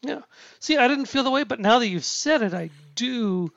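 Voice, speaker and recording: Halting man in a lo-fi recording. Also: very high voice, animated, vocal fry, fairly bright tone, no room sound. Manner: halting, many restarts and fillers, swears casually. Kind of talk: casual film discussion. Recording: dull lo-fi sound.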